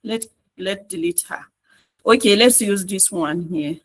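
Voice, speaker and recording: Speaking at medium pitch and a little slowly, a trainer with a Nigerian English accent walks an online class through each step shown on screen, captured in a low-quality recording. The delivery repeats and coaxes, frequently asking whether everyone is following.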